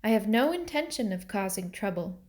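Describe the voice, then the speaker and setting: A woman's voice: medium pitch, sing-song, moderate pace, darkish tone, natural voice. A woman voicing a timid but proud young mill girl in a storybook reading, speaking deferentially. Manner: hesitant, deferential, then defiant.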